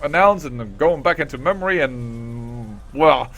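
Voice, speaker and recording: A man's voice: mid-range voice, lively intonation, a little slow, fairly bright tone, lo-fi sound, faint music behind. A man hosting a let's play, reading game dialogue aloud and rambling in a self-deprecating way into a desk microphone.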